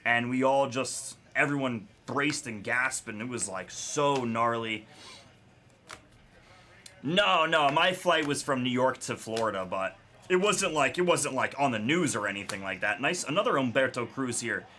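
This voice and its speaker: A man's voice: mid-range voice, lively intonation, moderate pace, bright, forceful tone. A young man hosting a live card break, chatting casually and telling a story between calling out names. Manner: chatty storyteller, laughs often, calls names of pulled cards. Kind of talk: casual chat while opening cards.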